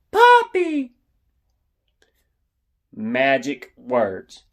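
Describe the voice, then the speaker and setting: A young man casually telling a funny story, animated and yelling out the lines he quotes. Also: mid-range voice.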